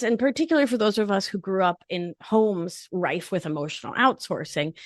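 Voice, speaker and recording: Lively, animated woman in a dry podcast recording. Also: mid-range voice, no echo. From not from Long Island. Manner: animated, playful, emphatic explaining. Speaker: guest, nurse practitioner and life coach. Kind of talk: conversational podcast interview.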